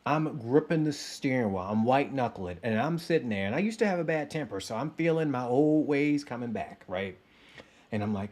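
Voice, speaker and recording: A man in his thirties telling a casual personal story to his listeners, animated and playing out his own inner voice. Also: medium pitch, normal speed. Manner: animated, acts out sounds and inner voice. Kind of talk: casual anecdote told to listeners.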